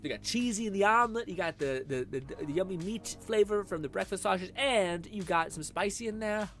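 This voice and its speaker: Young male streamer, animated, rambling chat, a little high, music bed underneath. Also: brisk. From Canada. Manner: rambling, laughing, swearing, animated. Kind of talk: casual chat reading viewer comments.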